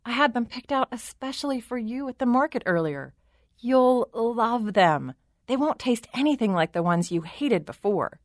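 A woman's voice: on the high side, lively intonation, normal speed, no echo, clean studio sound, voice pushed up, natural voice. A woman voicing a fretful queen who coaxes her spoiled daughter in a sugary, pleading voice. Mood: coaxing. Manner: coaxing, sugary wheedling. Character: fretful doting middle-aged queen mother.

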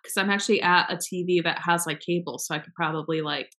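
A woman's voice: lowish voice, steady tone, fast talker, fairly bright tone. A young woman co-hosting a casual chat, talking frankly and rambling, with plenty of swearing.

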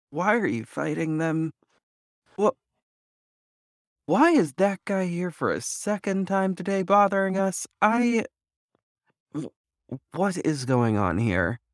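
Casting: delirious hurt heroine, a man doing it, slow, confused, high-voiced. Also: dry recording, studio quality. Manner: confused, halting questions. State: in pain. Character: hurt, delirious young superheroine.

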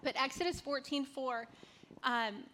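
A woman's voice: high voice, unhurried, pushed and bright, a little hiss or hum. A woman in her thirties from North Carolina giving a conversational devotional talk, telling a personal story with casual fillers.

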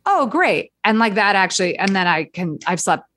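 A woman comedian in her thirties talks in a loose, rambling, self-deprecating way, swearing freely as she goes. Her voice sits on the lower side and is recorded dry and close, with no room sound. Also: fairly quick, a bit bright, dry recording. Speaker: comedian, guest. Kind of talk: casual chat.

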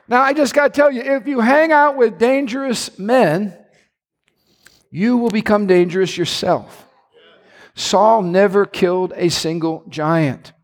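A male pastor preaching a sermon, swinging between low, quiet asides and loud, shouted lines. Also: big-room sound.

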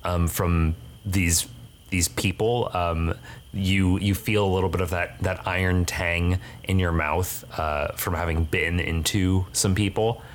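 A man's voice: low voice, steady tone, a little slow, slight background noise. A young man narrating a tabletop game as game master, hesitant, with many fillers and restarts.

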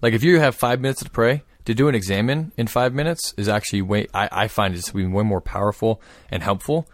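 Man, lowish voice, steady explainer, relaxed faith chat, dry close mic. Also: fast, no room sound. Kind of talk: casual conversation about prayer.

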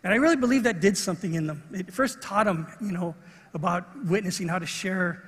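High husky-voiced preacher in echoing hall. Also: male voice, brisk. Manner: storytelling, animated, acts out voices. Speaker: pastor. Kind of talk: sermon with a personal story. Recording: long reverb of a large hall.

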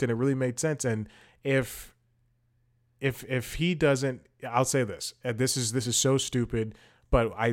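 A man hosting a podcast, chatting casually with lots of fillers, restarts and tangents as he thinks aloud. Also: on the low side. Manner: rambling, many fillers and restarts; opinionated, thinks aloud while scrolling. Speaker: podcast host. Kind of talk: casual commentary.

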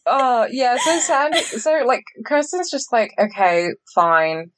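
A woman's voice: high voice, a little slow, background noise. A young woman co-hosting a podcast, chatting casually and swearing as she recaps a TV show. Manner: chatty, swearing, heavy use of 'like'. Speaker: podcast co-host.

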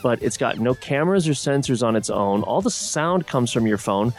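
A man's voice: medium pitch, animated, moderate pace, faint music behind. A man co-hosting a podcast in casual chat, joking and exasperated. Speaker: podcast co-host.

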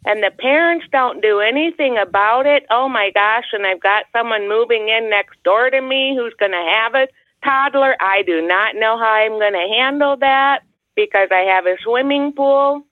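Exasperated woman ranting, higher voice, phone-like call audio. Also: normal speed, dry recording. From Michigan, USA. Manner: exasperated, exclaiming. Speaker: game participant. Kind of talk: comic rant over video call. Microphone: video call.

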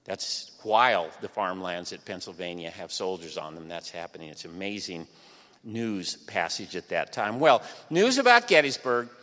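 A man's voice: low-pitched, very animated, normal speed, sharp tone. An older man giving a history lecture to a live audience, with dry sardonic asides. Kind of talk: university lecture. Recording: long hall reverb.

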